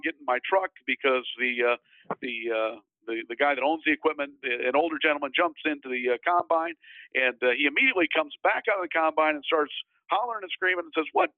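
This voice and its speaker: A man being interviewed as a company head, telling a story with many pauses, fillers and restarts. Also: a little high, dry recording. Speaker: guest, financial firm CEO. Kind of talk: casual interview talk. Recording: tinny phone-like line, dry.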